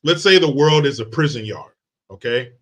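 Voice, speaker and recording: A man's voice: mid-range voice, animated, moderate pace, a bit bright. A man hosting a live stream from the United States, reacting to chat in a brash, mocking, profane way. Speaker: livestream host.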